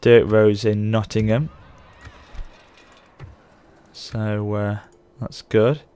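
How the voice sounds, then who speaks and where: A man's voice: on the low side, flat delivery, drawn-out words, warm tone, clean tone. A man in his thirties giving rambling, casual let's play commentary, often correcting himself mid-sentence. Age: 30s. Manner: chatty, rambling, frequent self-corrections. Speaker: gaming channel host.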